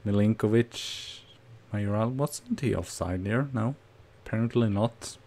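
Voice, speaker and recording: A man streaming a football management game, commenting casually on each play with nervous excitement and sudden shouts. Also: fairly low pitch, a little slow. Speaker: gaming streamer.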